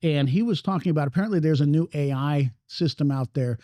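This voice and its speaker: A man's voice: a little high, fast talker, mellow, dry recording. A man hosting a podcast in casual chat, rambling and swearing freely as he talks. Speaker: podcast host. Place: cigar lounge.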